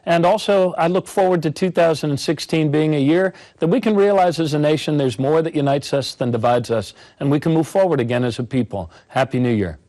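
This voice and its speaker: Brief: male governor, quick earnest greeting, somewhat high voice. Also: warm tone, rough recording. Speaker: governor and candidate. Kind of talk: recorded New Year greeting.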